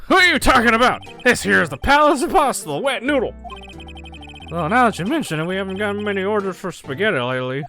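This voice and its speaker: Girl putting on a crazy old shop guy, loud and folksy, voice jumping all over. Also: mid-range voice, very animated, fast, faint music behind, voice pushed up. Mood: rambling. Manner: loud, wavering, folksy drawl. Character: rambling eccentric old man shopkeeper.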